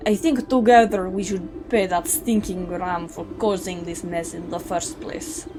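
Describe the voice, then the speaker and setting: A woman's voice: fairly low pitch, steady tone, a little slow, music in the background, close to an everyday voice. A British woman voicing a very old, scheming witch with a dry delivery.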